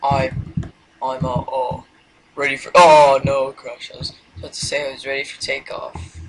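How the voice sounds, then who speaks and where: A man's voice: mid-range voice, level tone, moderate pace, slight background noise, poor audio. A man giving casual let's-play commentary, rambling and hesitant, now and then dropping to a mumbled whisper. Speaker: gameplay commentator.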